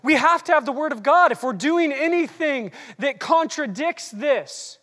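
A preacher delivering an animated, teasing sermon that swings between quiet asides and shouted bursts, recorded in a large hall. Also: sits high, a little slow. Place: large hall with long reverb. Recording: long hall reverb.

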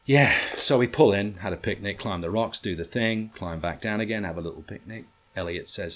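A man with a very low, deep voice tells a story in a relaxed, chatty way. He swears often and slips into other people's lines as he goes. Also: a little fast, hardly any pauses. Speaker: storyteller guest. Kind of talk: casual anecdote on a podcast.

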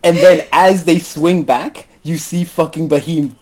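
A man's voice: on the high side, a little slow. A man co-hosting a podcast, gushing and swearing as he recaps a movie in casual chat. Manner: excitable, swears often. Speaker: podcast co-host.

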